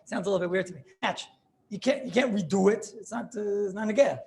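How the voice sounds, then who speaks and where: A man a rather high voice leads an informal class, talking in a chatty, animated way and checking that everyone follows. Faint room sound sits behind him. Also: fast, gravelly, a little hiss or hum. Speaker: rabbi teaching a class.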